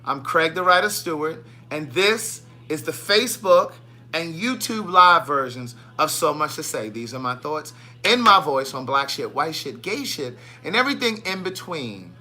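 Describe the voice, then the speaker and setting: A man's voice: a little high, normal speed. Sassy man hosting a live stream. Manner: playful, sassy, animated shout-outs. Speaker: livestream host. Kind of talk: casual live-stream chat greeting viewers.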